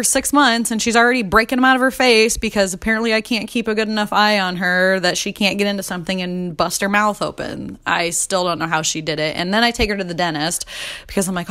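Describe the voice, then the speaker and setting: A woman's voice: medium pitch, animated, a little fast, fairly bright tone. A young woman in her twenties telling funny mom-fail stories in a casual confessional chat, laughing often and swearing freely. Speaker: mom vlogger.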